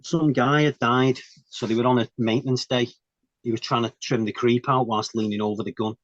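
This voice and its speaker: A man's voice: medium pitch, steady tone, brisk, no room sound. Guest, male, chatty storyteller, laughs and swears a lot, muffled dry recording. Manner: laughs often, swears, keeps asking "you know what I mean". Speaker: guest telling his army story. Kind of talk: casual storytelling chat.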